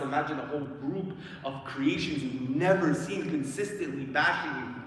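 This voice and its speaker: Young guy preaching, fired up then whispery quiet, kinda high voice, big echoey hall w faint room hum. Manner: impassioned, swings between shouting and hushed. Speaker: guest lecturer. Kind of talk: dramatic sermon talk. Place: large hall of an Islamic centre. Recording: echoey hall, voice far from mic.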